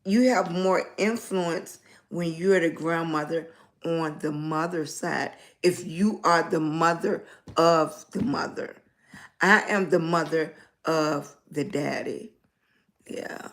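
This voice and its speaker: A middle-aged woman with a Southern US accent and a slightly raspy voice, rambling in casual livestream chat and greeting viewers by name. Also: sits low, takes it slowly, a bit bright. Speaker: lifestyle blogger live streaming.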